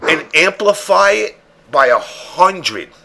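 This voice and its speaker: A man's voice: high voice, sing-song, takes it slowly, vocal fry, background noise. A man hosting a podcast, telling long profane stories in casual chat. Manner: profane, rambling storyteller. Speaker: podcast host.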